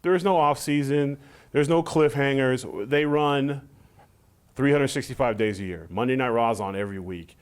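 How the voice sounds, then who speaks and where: A middle-aged former wrestler in a casual shoot interview, telling animated stories and acting out what others said. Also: male voice, moderate pace, clean tone. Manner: animated storytelling, acts out quotes in high voices.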